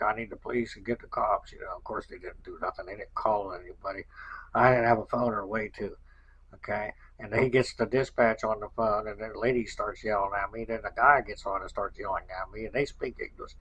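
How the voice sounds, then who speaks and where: A man's voice: fairly low pitch, sharp tone, breathy edge, dull audio. A man hosting a podcast, telling a rambling, aggrieved story in casual chat, repeating himself as he goes. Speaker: podcast host.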